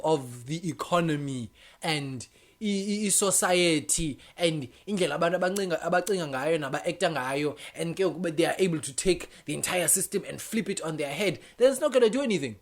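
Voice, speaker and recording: A young man with a Xhosa South African accent talks straight to the camera in a casual opinion vlog. His pitch moves up and down a great deal. He switches languages easily within a sentence and laughs often. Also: a bit bright. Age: young adult. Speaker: vlogger.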